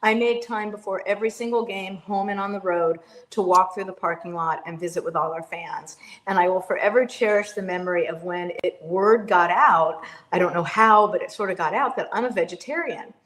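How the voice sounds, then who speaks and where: A woman guest on a sports podcast, chatting casually and telling lively stories. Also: on the low side, brisk, poor audio. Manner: animated storyteller, loudly acts out quotes. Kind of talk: casual interview chat.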